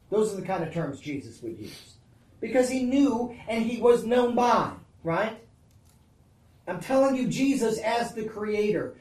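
Preacher, mid-range voice, conversational sermon style, swings from hushed to forceful; roomy, distant recording. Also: medium pitch. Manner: conversational preaching with frequent "right?" and "Amen?" calls to the congregation; swings from hushed, intimate passages to loud, emphatic ones. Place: church or large hall. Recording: roomy echo, picked up from a distance.

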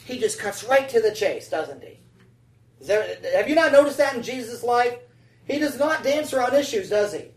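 With a sing-song lilt, a medium-pitched preacher speaks at a normal pace, keeping his sermon chatty and checking in with "right?" and "amen?" again and again. Distant miking makes it sound roomy.

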